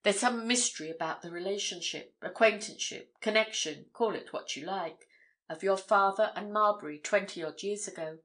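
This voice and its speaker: A woman's voice: mid-range voice, normal speed, a bit bright, natural voice. A woman reading the part of a blunt, eager young male journalist, hearty and emphatic in his protests. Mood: earnest.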